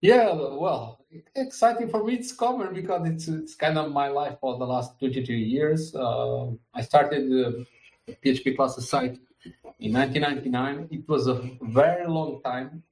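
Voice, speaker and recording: A man in his fifties hosting a casual podcast, speaking in an unhurried way with slightly formal phrasing. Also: mid-range voice, a little mellow, roomy sound, rough recording. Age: 50s. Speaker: podcast host.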